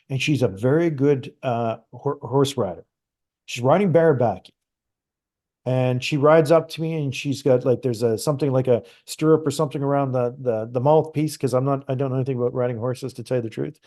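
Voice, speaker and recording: A middle-aged man from Canada, a guest on a conversational show, telling a personal story in a lively, animated way with frequent restarts. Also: medium pitch. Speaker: guest psychic medium.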